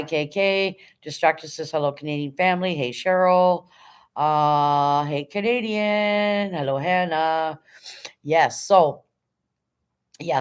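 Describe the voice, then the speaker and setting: A woman hosting a casual livestream, firmly but politely moderating her chat and reading messages aloud. She sounds tired. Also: deep voice. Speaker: livestream host.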